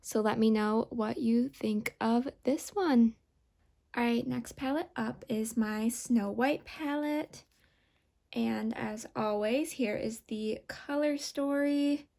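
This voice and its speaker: Woman, beauty vlogger, makeup tutorial narration, calm step-by-step, heavy vocal fry, slow-paced. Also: a little high.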